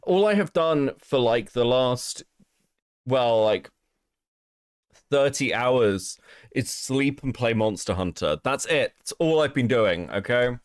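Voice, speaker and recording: A man's voice: mid-range voice, lively intonation, takes it slowly, clean tone, no room sound. A British man hosting a live stream, chatting casually, laughing often and swearing through rambling asides. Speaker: stream host.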